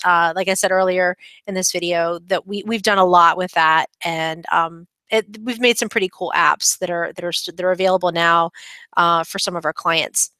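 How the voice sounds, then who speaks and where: Woman, channel host, chatty and rambling, smooth clear tone. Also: on the low side, bright, forceful tone, no echo. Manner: chatty, many fillers and restarts. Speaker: web design channel host. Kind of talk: casual screen-share update.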